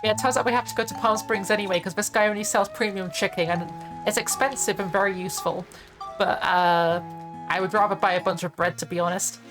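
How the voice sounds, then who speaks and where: A young woman chats casually while streaming a video game, rambling with plenty of fillers and laughs. Her mid-range voice keeps a steady tone and runs a little fast, with faint music behind it.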